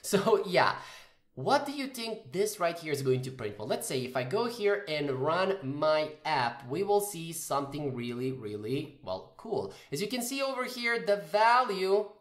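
A man's voice: a little high, sing-song, a little slow. A man giving a casual coding tutorial, thinking aloud and correcting himself as he types. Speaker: programming tutor. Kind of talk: screen-recorded coding tutorial. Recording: roomy echoey room.

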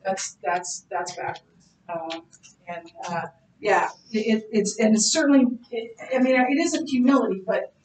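A woman's voice: mid-range voice, measured pace, darkish tone, a little hiss or hum. A woman teaching a Bible class in a church classroom, reading scripture and explaining it in an earnest, conversational way. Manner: earnest and conversational, thinking aloud with restarts. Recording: roomy sound from far off.

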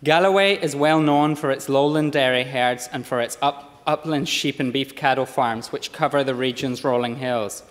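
Speaking in a parliament chamber that echoes with long reverb, a member of parliament in his thirties delivers measured, formal oratory read from a text, slipping now and then. He's from Scotland, and his lowland accent has eased after years in Australia.

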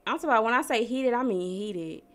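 Her voice runs on the high side with lively intonation as this young Missourian plays a life-sim game for her YouTube channel. She keeps up a slangy, chatty patter aimed at herself and the characters, and irritation comes to her fast.

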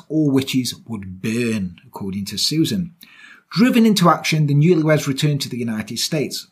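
A man with a husky voice co-hosting a casual true-crime podcast, reading out the case and then joking and laughing with his co-host. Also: mid-range voice. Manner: reads the case notes, then jokes and laughs with his co-host, swearing freely.

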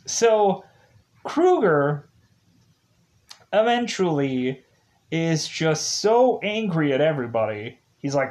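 A man's voice: a little high, expressive, takes it slowly, a little mellow. A man giving a casual, rambling review of a show's episodes, full of fillers and restarts. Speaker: show reviewer.

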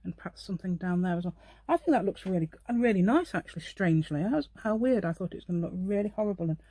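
A woman's voice: fairly low pitch, lively intonation, quick pace, warm tone, no room sound. Chatty woman crafting at home. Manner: chatty, thinks aloud, asks the viewer questions. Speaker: craft channel host. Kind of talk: casual crafting tutorial.

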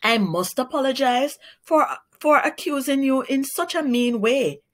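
A woman's voice: high voice, animated, measured pace, voice pushed up. A woman voicing a greedy, gullible male crow preacher in a storybook reading. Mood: delighted. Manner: demanding, then gushing.

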